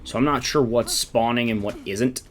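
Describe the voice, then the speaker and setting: A man's voice: medium pitch, normal speed, slight background noise. A sleep-deprived man giving rambling, casual commentary while playing a survival game. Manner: rambling, self-interrupting, chatty. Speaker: gaming YouTuber.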